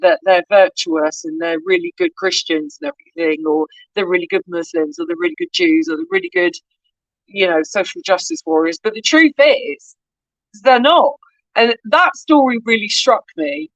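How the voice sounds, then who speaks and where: A woman's voice: a little high, very animated, moderate pace, creaky, no room sound, low-quality recording. A middle-aged woman with a West Country accent, a podcast guest telling candid, story-filled anecdotes and swearing freely. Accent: West Country English. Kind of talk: casual podcast chat.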